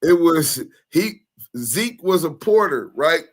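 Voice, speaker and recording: A man co-hosting a casual talk show, with a voice pitched a bit higher than most men. He tells a story in loose street slang and slips into other people's voices to act out what they said. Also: takes it slowly, slightly rough. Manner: animated, slangy storyteller acting out quoted voices. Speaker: co-host.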